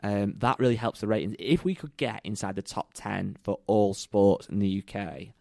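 Low-voiced male podcast co-host. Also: moderate pace, gravelly, mellow, dry recording, clean studio sound. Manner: chatty, plugs the show. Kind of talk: casual chat.

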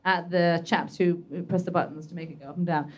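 A woman's voice: fairly low pitch, steady tone, brisk. A woman comedian with a posh voice, telling rambling, self-mocking stories in casual chat. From London. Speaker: comedian guest.

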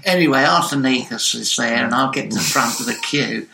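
A comedy podcast host with a gravelly, fried edge and a bright, forward tone. He tells a rambling, sweary tall tale with a straight face. The sound is lo-fi, like something recorded on inferior gear. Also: medium pitch, a little fast. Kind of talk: improvised comic storytelling. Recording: lo-fi recording on cheap equipment.

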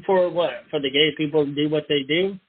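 A man co-hosting a talk radio show, answering in a hesitant, halting way with repeated words. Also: a little high, slightly rough, no room sound. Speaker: radio co-host. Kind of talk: casual talk radio chat. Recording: dry, tinny phone-like sound.

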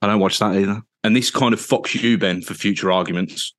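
A man's voice: lowish voice, fairly even intonation, a little fast, no room sound. A man in casual podcast chat, grumbling and ranting with plenty of swearing. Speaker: podcast co-host.

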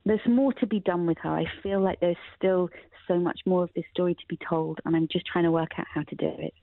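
A woman's voice: fairly low pitch, steady tone, brisk, vocal fry, no room sound. A middle-aged woman, an interview guest, speaking earnestly and emotionally, often restarting her sentences. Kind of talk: reflective interview talk. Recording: tinny phone-like sound, dry.

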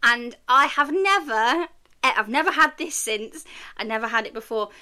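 A woman, co-hosting a podcast and telling stories in an animated, casual way. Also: a little high, normal speed. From England. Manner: animated storyteller, laughs easily. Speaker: podcast co-host, florist. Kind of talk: casual chat.

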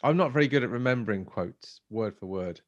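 A man's voice: medium pitch, lively intonation, a little fast, no echo, highs cut off. A man co-hosting a podcast from home, chatting casually and playfully with many restarts. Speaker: podcast co-host and agile trainer. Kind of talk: casual chat.

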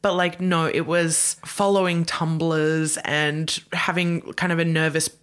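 A woman's voice: sits low, little pitch movement, unhurried, clear, resonant tone. Chatty woman podcast co-host. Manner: chatty, lots of "like", laughs often. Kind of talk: casual pop culture chat.

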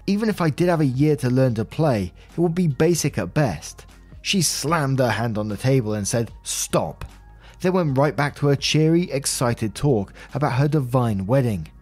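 A male host reads online posts in a chatty, conversational way and comments on them with apologetic asides. His voice sits at a middling pitch. A soft music bed plays faintly behind him. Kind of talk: casual reading and commentary.

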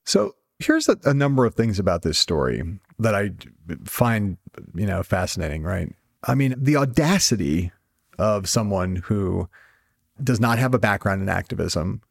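A man's voice: fairly low pitch, vocal fry. A male host interviewing a guest, admiring and emphatic, building his points with repetition. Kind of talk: conversational interview.

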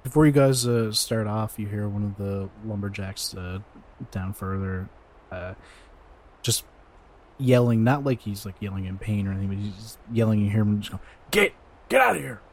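A man's voice: lowish voice, steady tone, normal speed, darkish tone. A man narrating a tabletop game as dungeon master, in a loose, casual way with many fillers.

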